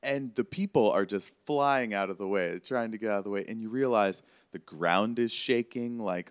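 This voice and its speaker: Deep-voiced man narrating a tabletop game. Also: clear, resonant tone, no echo, studio quality. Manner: relaxed, conversational storytelling with fillers. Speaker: game master. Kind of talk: narrating a tabletop role-play.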